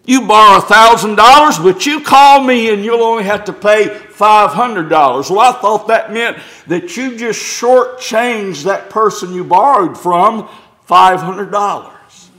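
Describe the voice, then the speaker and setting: Man, pastor, sermon, middle-aged, deliberate unhurried delivery, slightly high voice, emphatic scripture reading. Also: animated, pushed and bright. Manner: preaching with rising emphasis, reading scripture aloud.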